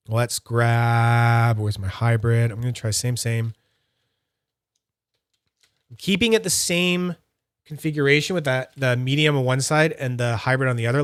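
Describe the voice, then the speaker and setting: A man's voice: mid-range voice, fairly bright tone, no echo, clean studio sound. A man streaming live, chatting casually and talking through each step of a hands-on demo while answering his chat. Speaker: fidget toy streamer.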